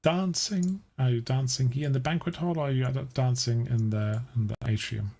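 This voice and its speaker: A man narrating as game master, describing scenes and prompting the players. His voice is gravelly and a bit husky, at a middle pitch. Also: steady tone, fairly quick, warm tone.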